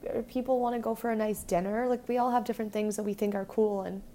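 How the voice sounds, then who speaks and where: A woman's voice: mid-range voice, steady tone, fast talker, mellow, a little hiss or hum. A young woman in her twenties co-hosting a podcast, chatting casually and giggling, with lots of "like". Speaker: podcast co-host. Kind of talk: casual recap chat.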